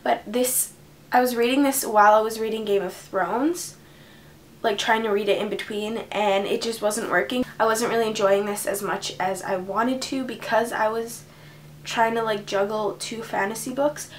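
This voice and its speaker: A woman's voice: on the high side, fairly even intonation, moderate pace, a little hiss or hum. A teenage girl chatting to camera about books she plans to read, bubbly and gushing. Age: teens. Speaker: book vlogger. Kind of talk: casual chat to camera.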